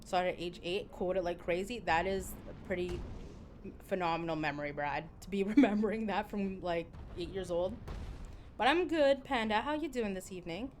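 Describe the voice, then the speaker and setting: A young woman streaming a game live, chatting freely with her viewers and reading their messages aloud. She is expressive, often exclaiming and laughing. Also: on the low side, fairly quick, slight background noise. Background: game music.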